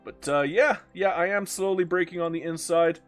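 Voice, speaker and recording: High-voiced joking game streamer man. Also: normal speed, faint music behind. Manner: joking, talks to himself and reads chat aloud. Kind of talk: casual live-stream commentary.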